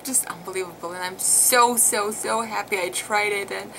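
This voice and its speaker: A woman's voice: mid-range voice, moderate pace, hardly any pauses. Chatty emotional woman telling her story. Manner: emotional, chatty, frequent laughs and fillers. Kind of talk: casual vlog storytelling. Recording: clear background noise.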